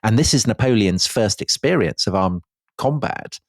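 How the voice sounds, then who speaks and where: A man co-hosting a casual history podcast, lively, with stumbling restarts. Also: fairly low pitch, normal speed, no echo, clean studio sound. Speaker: podcast co-host.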